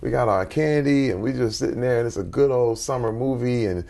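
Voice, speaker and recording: A man in his forties, a guest in an interview, telling personal stories in an animated way and acting out quotes with big jumps in his voice. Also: medium pitch, a little fast, vocal fry. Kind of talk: conversational storytelling.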